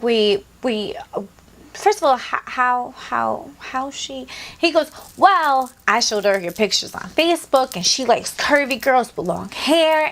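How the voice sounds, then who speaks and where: Young woman, storytime vlogger, high voice, very lively pitch, profane, casual, acts out dialogue. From Latina. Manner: animated, profane, acts out both sides of conversations. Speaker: beauty vlogger.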